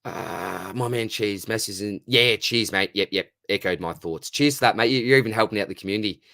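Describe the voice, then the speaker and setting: A man's voice: fairly low pitch, fairly quick, gravelly, pushed and bright, no echo, studio quality. A man with an Australian accent hosting a casual live stream Q&A, reading out chat questions and answering them in a friendly, matey way.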